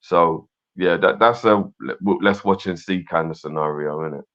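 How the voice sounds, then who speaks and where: A very deep-voiced man co-hosts a chatty live stream, rambling with restarts and filler phrases. His sound is dull and lo-fi. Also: moderate pace, a bit bright. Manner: rambling, repeats words, fond of filler phrases. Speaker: co-host. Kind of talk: casual live-stream chat.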